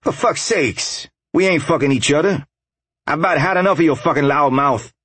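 A man voicing a hot-tempered biker who roars back in a slow, drawn-out shout. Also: on the high side, breathy edge, no echo, voice pushed up. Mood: enraged.

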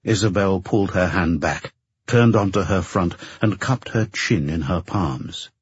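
A man reading a novel aloud as a narrator, in a slow, measured way. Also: low-pitched, no room sound. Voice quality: husky. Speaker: audiobook narrator. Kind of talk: scripted narration. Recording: dull lo-fi recording.

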